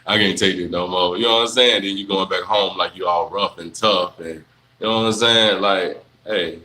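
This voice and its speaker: Deep-voiced man chatting, bright tone. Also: normal speed, poor audio. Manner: relaxed, rambling, many fillers and restarts. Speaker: livestream host answering viewer questions. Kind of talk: casual live Q&A chat.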